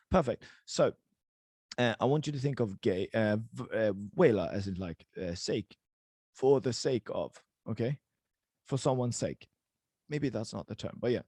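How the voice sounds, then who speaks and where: Lively encouraging man teaching online. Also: lowish voice, no echo. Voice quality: casual, encouraging, many fillers. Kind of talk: live online language class. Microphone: video call.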